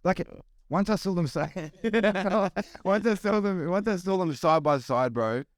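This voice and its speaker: Animated, laughing podcast host. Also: male voice, high-pitched, measured pace, no echo, clean studio sound. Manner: animated, laughing storyteller, says "bro" constantly. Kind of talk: casual podcast chat.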